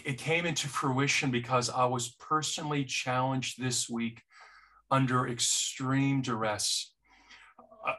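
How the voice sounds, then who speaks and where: A man preaching a sermon, talking slowly and earnestly about a personal trial, with frequent repeated starts. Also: medium pitch, a bit bright. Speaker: pastor.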